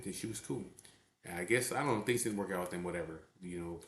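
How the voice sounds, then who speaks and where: A man with a low voice tells a story in a blunt, profane, casual way, often checking in with his listener. He speaks from a garage hangout, and the room gives his voice a noticeable echo. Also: fast, a little hiss or hum. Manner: blunt, profane, keeps saying "you know what I mean". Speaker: biker club member telling a story. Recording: echoey room.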